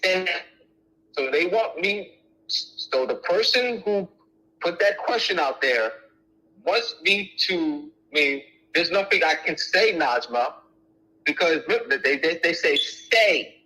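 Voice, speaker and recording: An emphatic man with a fairly high, bright, forceful voice answers audience questions like a teacher. He repeats words for stress and restarts his sentences often. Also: expressive, takes it slowly, poor audio. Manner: emphatic, repetitive, lots of restarts. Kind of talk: lecture Q&A.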